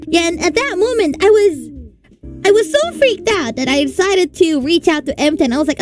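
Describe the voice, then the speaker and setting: A woman chatting casually on a livestream, telling stories in a playful, animated way and laughing often. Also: extremely high pitch, moderate pace. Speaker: streamer and event organizer. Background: faint background music.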